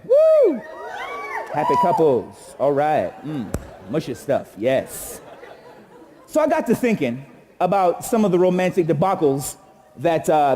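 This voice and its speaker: A young man from Jamaica hosting a live comedy show, delivering a stand-up monologue with animated, exaggerated storytelling and bursts of mock outrage. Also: on the high side, big-room sound. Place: live studio stage with audience.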